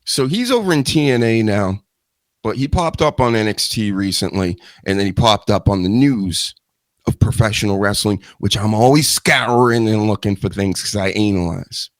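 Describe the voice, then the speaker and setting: A man's voice: lowish voice, normal speed, dry recording. A man hosting a live wrestling news show, talking in a rambling, joking way with self-mocking asides. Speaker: host.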